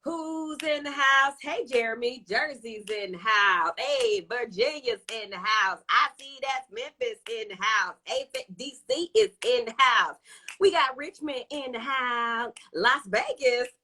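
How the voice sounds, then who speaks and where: A woman hosting a live stream, her voice bright and ringing and pitched a little above the usual. She chats casually and playfully, hyping up her viewers with quick shout-outs. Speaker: show host.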